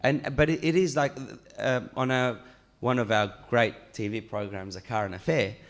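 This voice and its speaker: Animated storytelling man from Iran. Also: mid-range voice, normal speed. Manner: animated storyteller, many fillers and restarts. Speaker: author guest. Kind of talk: panel discussion. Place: stage at a public talk.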